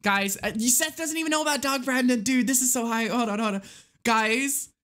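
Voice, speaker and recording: A live streamer playing a game, talking casually with viewers, excitable and swearing freely. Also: medium pitch, a little fast, soft background music.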